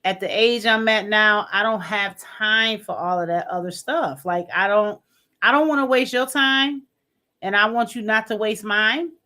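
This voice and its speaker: A woman's voice: mid-range voice, moderate pace, bright, forceful tone. A woman in a casual chat speaking frankly and matter-of-factly about dating.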